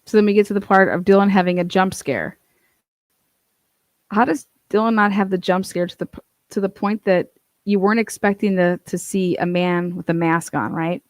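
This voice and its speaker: A young adult woman giving casual true crime commentary, blunt and profane, telling stories with animated asides. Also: mid-range voice, moderate pace, no room sound.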